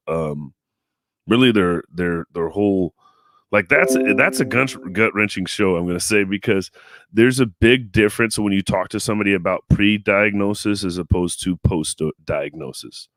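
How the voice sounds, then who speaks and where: An American man, a comedian and show producer, chatting casually in an interview from his home studio, enunciating clearly and laughing often. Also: low-pitched, normal speed, a bit bright, no echo. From United States.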